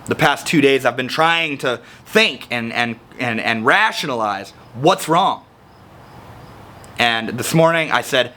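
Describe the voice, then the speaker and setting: Bright-voiced man rambling casually. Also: mid-range voice, lively intonation, measured pace, a little hiss or hum. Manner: rambling, slangy, restarts a lot. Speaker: vlogger. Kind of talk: casual personal vlog monologue.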